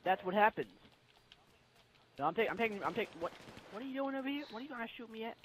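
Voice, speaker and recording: Excitable stammering young man, faint hiss. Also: high-pitched, rapid-fire. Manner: excitable, stammering, laughing banter. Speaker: co-player. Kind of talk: casual multiplayer game chat.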